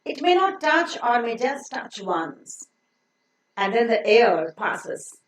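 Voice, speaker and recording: A woman with a fairly high, very lively voice leads a phonics lesson, speaking very slowly and deliberately. She repeats each example word with care. Her voice rings in an echoey room. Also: slight background noise. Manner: slow, careful word-by-word drilling with repeated example words. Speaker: phonics teacher. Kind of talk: pronunciation lesson for children.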